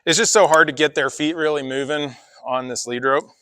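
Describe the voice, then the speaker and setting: A man training a horse in an arena, talking through his work in a relaxed, chatty way and coaxing the horse now and then. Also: fairly high pitch, fairly quick, smooth, dry recording, studio quality. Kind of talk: casual spoken explanation while working a horse. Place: outdoor horse arena with deep sand.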